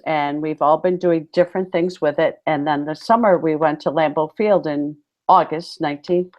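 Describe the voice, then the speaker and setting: Lowish-voiced woman chatting on a podcast, really animated storytelling, muffled sound. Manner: animated storyteller, acts out quotes with big exclamations. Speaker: podcast co-host, PE teacher. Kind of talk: casual chat. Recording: muffled lo-fi audio.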